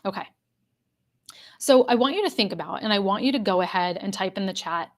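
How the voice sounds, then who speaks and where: An earnest woman coach leads a live online class, her pitch sitting in an ordinary middle range. She speaks straight to the people in the chat and repeats her main points so they sink in. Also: lively intonation, a little fast, long pauses. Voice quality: addresses a live chat audience directly. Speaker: executive coach. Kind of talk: live online workshop talk.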